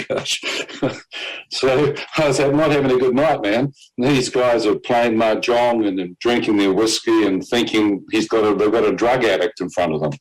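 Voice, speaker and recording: A man's voice: fairly low pitch, poor audio. A man, a guest on a faith program, telling his personal testimony as a vivid story, with fillers and short laughs along the way.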